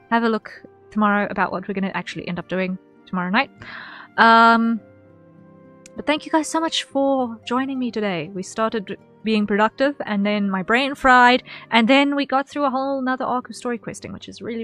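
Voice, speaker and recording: A woman streamer talks casually to her viewers at the end of a session. Her speech rambles, circling back on words and filling gaps with ums, while quiet music plays underneath. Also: a little high. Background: faint background music.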